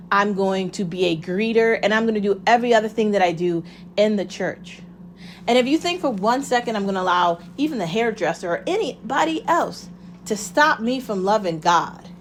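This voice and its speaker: A woman in the middle of a heated casual monologue, talking fast and hard, throwing out rhetorical questions and swearing as she goes. A faint hiss of background noise runs underneath her voice. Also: medium pitch. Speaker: vlogger.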